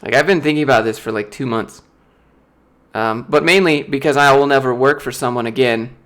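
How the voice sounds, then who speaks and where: A man's voice: mid-range voice, fairly quick, a bit bright. A young American man chatting casually on a livestream, reading questions from chat and telling stories with lots of fillers, laughing often and mimicking other people's voices. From United States. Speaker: YouTuber answering live chat questions.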